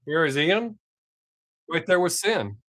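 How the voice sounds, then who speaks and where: A man's voice: fairly high pitch, big pitch swings, slow pace, fairly bright tone, no echo, studio quality. A man hosting his own live stream, chatting casually with viewers, reading their comments and swearing freely. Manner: profane, laid-back, talks to chat viewers by name.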